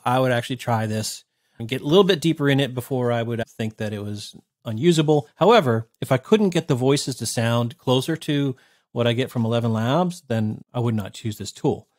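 A man's voice: medium pitch, moderate pace. Man, thirties, casual reviewer, sarcastic, blunt, swears. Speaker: tech reviewer. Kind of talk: casual screen-recorded review.

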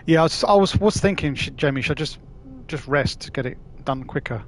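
A man's voice: a little high, expressive, brisk, a little hiss or hum. Chatty man streaming a game. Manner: rambling, slangy, swears, talks to chat. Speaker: gaming streamer. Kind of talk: casual live-stream chat.

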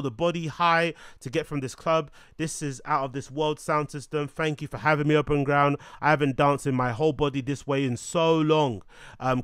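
A man hosting a show, chatting in an animated, joking way with frequent swearing. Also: medium pitch, dry recording, studio quality. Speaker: show host. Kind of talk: casual commentary.

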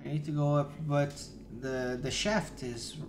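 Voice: medium pitch, fairly even intonation, measured pace, slight background noise. Casual streamer muttering through gameplay. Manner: casual, muttering while playing, swears at scares. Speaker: streamer playing a horror game. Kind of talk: live gameplay chat.

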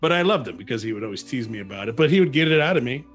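With a mid-range voice and rapid-fire delivery, this male actor guests on an interview show, chatting loosely and telling lively stories full of restarts. Faint music sits behind him.

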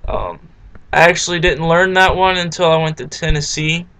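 Young Southeastern Virginia man, gravelly voice. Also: a little high, moderate pace, low-quality recording. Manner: relaxed, many fillers like um. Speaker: vlogger answering an accent questionnaire. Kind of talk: casual reading and answering questions.

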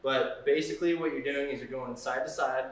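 Speaking in a mid-range voice with fairly even intonation and a slightly fast pace, a male fitness coach runs a live-stream workout. He explains moves and counts reps cheerfully, recorded at a distance in an echoey room with faint background music.

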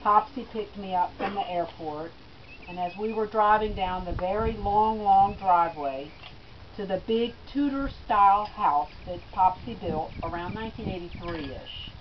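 A woman's voice: mid-range voice, unhurried, slight background noise. Middle-aged woman telling stories at a eulogy. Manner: storytelling with gentle laughs. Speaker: daughter giving a eulogy. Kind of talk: personal eulogy speech. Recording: dull lo-fi recording.

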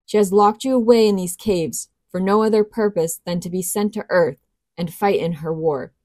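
A woman voicing a timid, gentle young princess who speaks earnestly. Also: medium pitch, normal speed, dry recording, close to an everyday voice. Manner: earnest, pleading.

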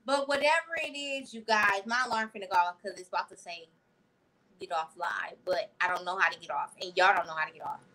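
A woman hosting a casual livestream, talking in an effusive, slangy and animated way while answering her viewers' comments. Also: lowish voice, a little fast, low-quality recording. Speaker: livestream host. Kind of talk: casual live-stream chat with viewers.

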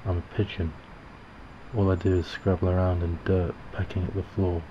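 A sulky storybook pigeon, put on by a male narrator, grumbling that it is pathetic. The voice sits low and flat. It is captured in a dull, lo-fi recording over a steady hiss. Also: moderate pace, natural voice. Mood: mopey. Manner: mopey, sulky complaining. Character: gloomy self-pitying talking pigeon. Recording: dull lo-fi recording with background noise.

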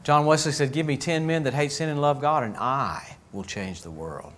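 Pastor guy preaching in church, slightly high voice, animated and jokey, does little voices. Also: moderate pace, a little hiss or hum. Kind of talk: sermon.

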